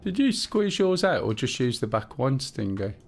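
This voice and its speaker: A man's voice: medium pitch, big pitch swings, normal speed, a little hiss or hum. A man streaming a game, chatting casually and talking a teammate through the controls, thinking aloud with fillers as he goes. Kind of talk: casual gameplay chat.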